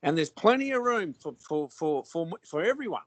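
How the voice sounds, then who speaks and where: Australian man, high voice, blunt rambling chat, dry close sound. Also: very animated, moderate pace, no room sound. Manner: rambling, blunt, with frequent restarts and slang. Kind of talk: casual conversation.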